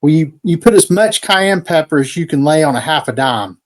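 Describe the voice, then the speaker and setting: A man's voice: on the high side, animated, brisk. A man co-hosting a casual podcast, reading aloud from an old cookbook and adding dry, folksy asides. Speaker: podcast co-host. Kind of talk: casual chat.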